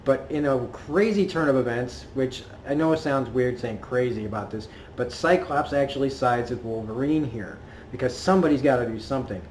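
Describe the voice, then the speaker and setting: A man's voice: mid-range voice, normal speed, darkish tone, a little hiss or hum. A man recapping a cartoon episode in a casual, rambling way, full of fillers and laughs. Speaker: cartoon reviewer. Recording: roomy echo.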